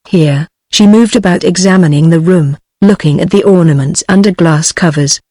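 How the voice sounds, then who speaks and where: A synthetic woman's voice with a British accent giving a text-to-speech narration of a story, in an even, flat delivery. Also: fairly low pitch, moderate pace, hardly any pauses, no room sound.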